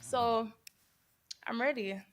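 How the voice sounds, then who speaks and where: Woman, slightly high voice, playful, cheeky, social media presenter. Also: slow pace. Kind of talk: casual studio banter.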